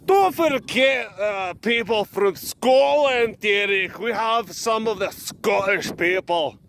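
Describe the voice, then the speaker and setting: A man's voice: a little high, lively intonation, moderate pace, a bit bright, a little hiss or hum. A man putting on a prim British male viewer who fussily corrects him. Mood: scolding. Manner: fussy, correcting.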